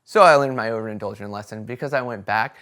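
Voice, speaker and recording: A man chatting casually to camera about his experiences, telling stories in an animated way and often checking in with "right?" and "okay?". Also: on the low side, fast talker, clear, resonant tone. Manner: animated storytelling, acts out quoted voices; conversational fillers like "right?" and "okay?". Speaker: vlogger sharing experiences.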